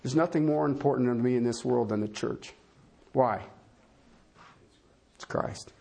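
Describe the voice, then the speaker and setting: A male pastor preaching a sermon, reading scripture aloud and swinging between loud rising emphasis and low, quiet folksy asides. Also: a little fast, creaky.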